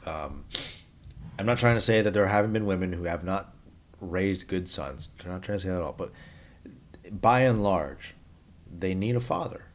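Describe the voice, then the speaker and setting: A man with a low voice speaks his mind bluntly in an unscripted vlog monologue. He rambles and circles back as he talks, restarting his sentences without polish. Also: animated, moderate pace, long pauses. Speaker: vlogger giving his opinions. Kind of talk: unscripted opinion monologue to camera.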